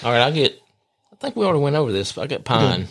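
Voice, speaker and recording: A man's voice: medium pitch, big pitch swings, fast talker, vocal fry, slightly rough. A man, co-hosting a casual bourbon-tasting podcast in an easygoing, laughing way. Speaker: podcast co-host.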